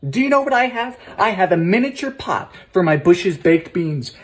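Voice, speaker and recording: A man's voice: sits high, very animated, normal speed, over loud music. A man doing goofy comedy sketch banter, mock-serious and boastful.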